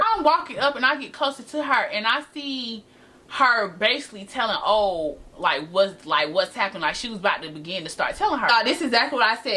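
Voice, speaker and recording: Young woman, bright tense tone, higher pitch, blunt storytime vlog. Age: young adult. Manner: animated, blunt storytelling with quoted comebacks. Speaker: vlogger.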